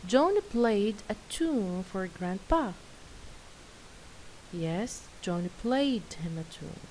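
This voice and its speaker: A woman's voice: medium pitch, lively intonation, darkish tone, low-quality recording. A woman teaching a grammar lesson to girls, patient and praising as she reads workbook answers. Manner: patient, praising, careful and slow. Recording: faint hiss.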